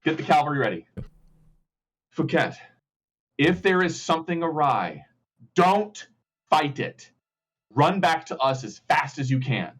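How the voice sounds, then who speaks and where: Husky man giving firm in-game commands. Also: sing-song, measured pace, long pauses. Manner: low, firm commands in character. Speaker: player. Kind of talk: playing a tabletop game in character.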